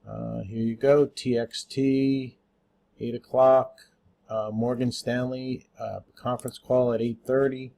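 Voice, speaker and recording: Speaking slowly in a gravelly, mellow voice of medium pitch and level tone, a man hosts a casual daily stock watchlist. He ad-libs with frequent "uh"s and spells each ticker out one letter at a time.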